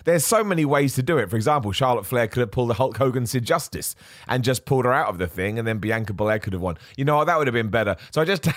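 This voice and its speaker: A man with a medium-pitched voice hosts a podcast of casual wrestling opinions, recorded in studio quality with no room sound. He's animated, often corrects himself mid-sentence, and mocks other voices.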